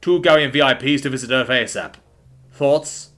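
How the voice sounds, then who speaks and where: Man doing a brisk commanding army major. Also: medium pitch, a bit bright, lightly acted. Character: gruff stressed male army major.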